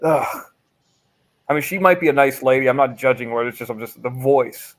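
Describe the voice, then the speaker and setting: A man's voice: mid-range voice, moderate pace, a bit bright. A man co-hosting a casual livestream chat, opinionated and rambling, full of "you know" and "I mean.". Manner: rambling, opinionated, with many fillers. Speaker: livestream co-host.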